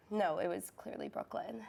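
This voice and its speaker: An actress playing a therapist who questions her patients in a measured, dry and probing way, in a comedic student film. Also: lowish voice, creaky. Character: patient, increasingly exasperated woman therapist.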